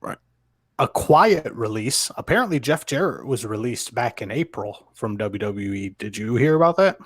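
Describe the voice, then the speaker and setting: A man co-hosting a podcast, reading news items in a steady, matter-of-fact casual way. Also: mid-range voice, moderate pace, slightly rough, no echo.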